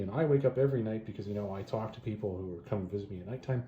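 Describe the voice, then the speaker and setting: A man's voice: on the low side, fast, mellow, highs cut off. A man hosting a comic review channel, recapping a story in a casual, rambling way with offhand asides. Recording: echoey room with faint noise.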